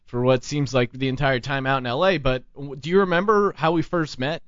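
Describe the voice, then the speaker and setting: A man's voice: medium pitch, brisk, fairly bright tone, no echo, lo-fi sound. A man hosting a casual talk show, telling rambling stories with plenty of restarts. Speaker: podcast host. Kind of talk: casual chat.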